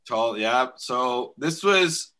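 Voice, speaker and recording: A man's voice: medium pitch, animated, drawn-out words, bright, forceful tone, smooth. A man in his thirties telling a profane story in a casual chat, laughing often. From Canada.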